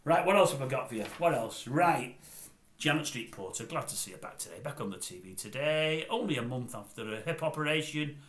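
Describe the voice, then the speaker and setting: A man's voice: medium pitch, expressive, brisk, a bit bright. A middle-aged man, grumpily and sarcastically rambling through celebrity gossip as a comic host. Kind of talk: comedic celebrity gossip monologue. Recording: roomy echo.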